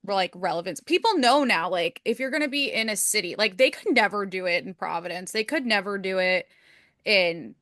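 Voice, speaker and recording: A woman's voice: mid-range voice, expressive, moderate pace, a bit bright, no echo, studio quality. A woman co-hosting a podcast in casual chat, rambling with lots of "like" and hedges. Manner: chatty, hedging with frequent "like". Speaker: podcast co-host.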